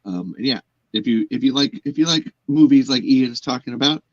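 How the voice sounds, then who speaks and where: A man's voice: medium pitch, brisk, no echo, muffled recording. A man hosting a casual chat show, joking and swearing, who now and then slips into silly put-on voices. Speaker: podcast host.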